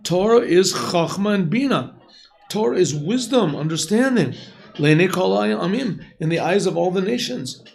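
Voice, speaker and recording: Male rabbi leading a Torah class, high voice with a gravelly edge, clears his throat often. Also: animated, normal speed. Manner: alternates Hebrew text with English explanation. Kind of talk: Torah lesson. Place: yeshiva classroom.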